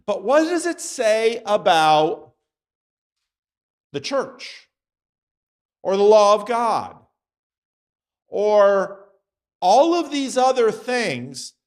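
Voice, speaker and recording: A man's voice: high voice, sing-song, extremely slow, long pauses. A man teaching a Sunday school class at church, talking conversationally and acting out little voices in his examples.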